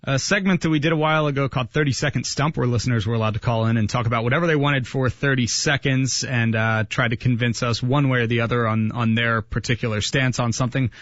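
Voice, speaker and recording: Brisk male radio host. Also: medium pitch, fairly even intonation, a bit bright, no echo, muffled recording. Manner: brisk, promotional. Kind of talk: show announcements.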